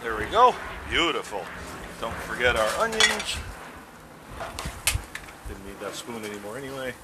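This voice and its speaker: A man's voice: medium pitch, sing-song, a little slow, very noisy. A middle-aged man hosting a casual grilling demo outdoors, chatty and self-mocking as he cooks. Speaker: grilling show host.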